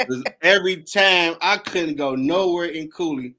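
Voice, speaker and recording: A man hosting a casual chat, telling animated, laughing stories in slangy talk. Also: high voice, moderate pace, hardly any pauses. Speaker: host.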